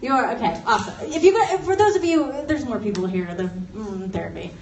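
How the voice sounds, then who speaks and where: A woman's voice: on the high side, lively intonation, a little fast, a little mellow. A young woman from Los Angeles doing a stand-up comedy set, chatty and self-mocking, laughing through her lines. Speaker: stand-up comic. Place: office turned into a comedy venue. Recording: roomy office space, mic at a distance, noisy.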